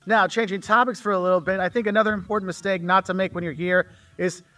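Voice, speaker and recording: Speaking fast in a sharp, high-pitched voice with fairly even intonation, a man offers casual travel tips directly to the camera. This chatty travel creator keeps asking his viewers "okay?"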